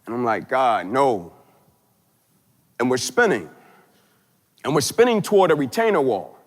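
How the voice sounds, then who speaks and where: A man, a motivational keynote speaker, tells a dramatic story, swinging from loud emphatic peaks to hushed low tones. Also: sing-song, fairly quick, big-room sound.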